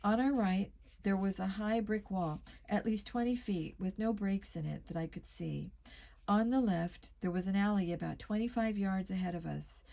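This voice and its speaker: A woman's voice: mid-range voice, moderate pace, creaky, dark tone, rough recording. A woman reading a teen mystery novel aloud as a first-person narrator, shading the dialogue with small voice changes. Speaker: audiobook reader. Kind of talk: amateur audiobook narration.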